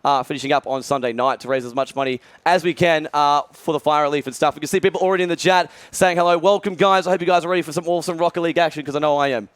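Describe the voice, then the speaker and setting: A young man casting a live esports match, excitable and loose, full of fillers and exclamations. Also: on the high side, rapid-fire, few pauses, smooth, no echo. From Australia. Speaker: esports caster.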